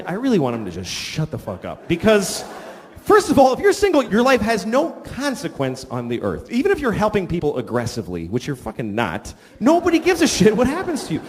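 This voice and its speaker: A man doing a crude, ranting stand-up comedy set. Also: sits high.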